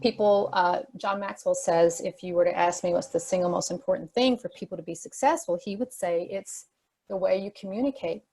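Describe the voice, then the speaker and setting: A woman speaking as guest speaker in a motivational talk to a youth forum over a video call, energetic and emphatic, repeating her key points. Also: lowish voice, brisk, creaky, slightly rough, poor audio.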